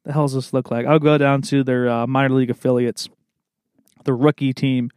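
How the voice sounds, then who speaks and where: A man's voice: medium pitch, level tone, moderate pace, darkish tone, clear, resonant tone, dry recording, clean studio sound. A young man hosting a casual solo chat, rambling in a laid-back way and calling everyone "man" and "dude.". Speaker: podcast host.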